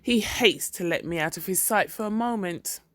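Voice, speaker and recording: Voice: mid-range voice, moderate pace, dry recording, lightly acted. A reader voicing a cheerful, pious wife who talks sweetly and patronizingly about her husband, in a storybook reading. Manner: bright, sweetly chiding.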